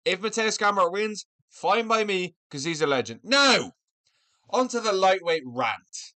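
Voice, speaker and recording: A man's voice: sits high, animated, measured pace, bright, forceful tone. A man hosting his own channel, ranting angrily and swearing constantly in a heated commentary vlog from his room at home. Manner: angry, profane, heated ranting. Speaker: MMA commentator, channel host.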